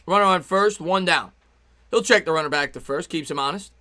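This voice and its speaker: Bright-voiced, excitable baseball stream caller. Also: male voice, fairly quick. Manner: excitable, chatty, reads out viewer chats between pitches. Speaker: live-stream baseball play-by-play host. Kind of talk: fan play-by-play commentary on a live stream.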